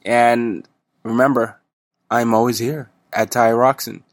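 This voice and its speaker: A man's voice: medium pitch, level tone, unhurried, dry recording. A man hosting his podcast, talking casually and rambling a little with fillers. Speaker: podcast host.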